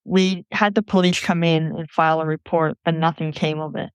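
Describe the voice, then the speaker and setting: A woman recounting a personal story in an earnest, measured way for a podcast. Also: deep voice, fairly even intonation, smooth, no room sound, highs cut off. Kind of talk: personal story told into a mic.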